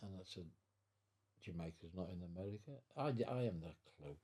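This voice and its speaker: Brisk yet rambling, a veteran in his nineties recounts his life story during an at-home interview, repeating himself, restarting, and chuckling. He has a deep, mellow voice with a breathy edge.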